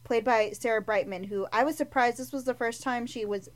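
A woman co-hosting a film podcast, gushing and animated as she retells scenes. She fills her talk with "like" and speaks in a fairly high voice. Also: fairly quick. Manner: gushing and animated, many "like" fillers. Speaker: podcast co-host. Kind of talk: casual film review chat.

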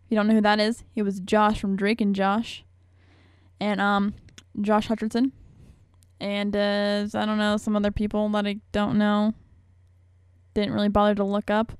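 A woman's voice: medium pitch, completely flat delivery, normal speed, smooth, no echo, studio quality. A young woman hosting a radio show, talking in a rambling, chatty, self-mocking way. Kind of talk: casual chat.

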